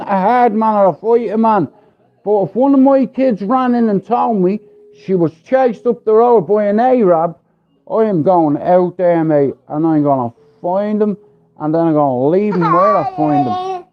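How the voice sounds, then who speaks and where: An Irish man hosting a livestream, ranting in a blunt, profane, rambling way. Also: high voice. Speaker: livestream host. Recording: dull lo-fi stream audio.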